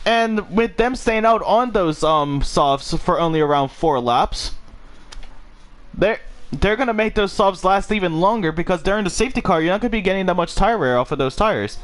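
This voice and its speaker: A man commentating a live sim racing league, excitable and quick to get swept up in the action. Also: high-pitched. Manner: excitable, gets swept up and laughs at busy moments. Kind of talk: live esports race commentary.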